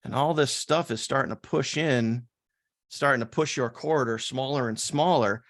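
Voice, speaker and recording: Slangy, animated male business coach. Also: medium pitch, moderate pace, dry recording, studio quality. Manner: animated, slangy, acts out students' inner doubts. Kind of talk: casual teaching talk.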